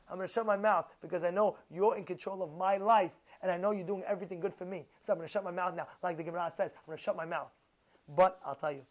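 A man's voice: sits high, steady tone, quick pace. A man preaching as a rabbi in an emphatic, repetitive manner full of rhetorical questions. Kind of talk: sermon.

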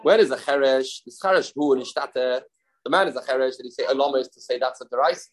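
A man teaching a daily Talmud class, explaining quickly and mixing in Aramaic terms with frequent restarts. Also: medium pitch, rough recording.

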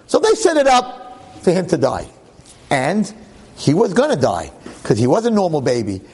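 Man, teacher, animated joking storyteller, husky, fairly high. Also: moderate pace, long reverb tail. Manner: lively, joking, acts out quotes. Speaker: religious teacher.

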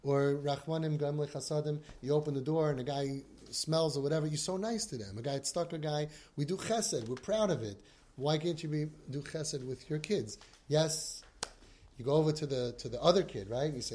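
A man's voice: a little high, moderate pace, warm tone. A man, a parenting coach telling stories on a podcast and mixing Yiddish and Hebrew words into his talk.

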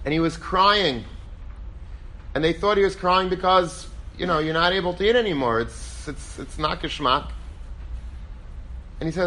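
A man teaching a Torah class as a rabbi, telling stories in a lively way and acting out quoted voices. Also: a little high. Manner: animated, acts out quoted voices; lively storytelling, peppered with Hebrew and Yiddish terms.

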